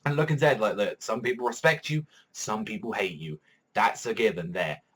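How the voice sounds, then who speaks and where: A man giving a casual, excitable fan reaction to a TV episode, swearing heavily and laughing often. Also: fairly low pitch, moderate pace, breathy edge, rough recording. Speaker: reaction vlogger.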